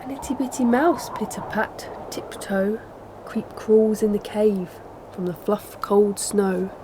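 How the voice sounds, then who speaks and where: A woman's voice: mid-range voice, slow. A woman reading a picture book aloud as a storyteller, rhythmic and playful in a sing-song way. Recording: noisy background.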